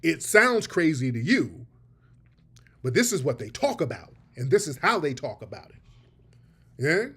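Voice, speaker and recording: Male host, pointed emphatic commentary, a little higher voice. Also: big pitch swings, a little slow, pauses often, sharp tone, breathy edge. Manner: emphatic, addresses audience as family. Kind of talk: commentary on played clips.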